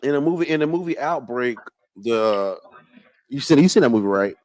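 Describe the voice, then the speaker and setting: A man hosting a casual livestream chat, excitable and profane, jumping between loud outbursts and low muttering, and stumbling when he reads aloud. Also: moderate pace, poor audio. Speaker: livestream host.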